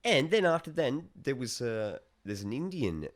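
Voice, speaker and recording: A man's voice: mid-range voice, sing-song, moderate pace. Rambling, swearing Australian man. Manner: swears often, loose rambling retelling of film scenes. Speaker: podcast co-host. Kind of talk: casual chat, film review. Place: studio.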